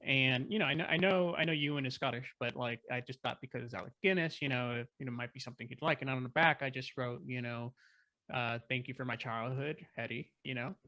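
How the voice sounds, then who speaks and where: Bright-voiced man telling a story excitedly. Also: medium pitch, fast talker, no room sound. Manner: excited, rambling with many fillers and restarts. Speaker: guest filmmaker. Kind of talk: casual storytelling.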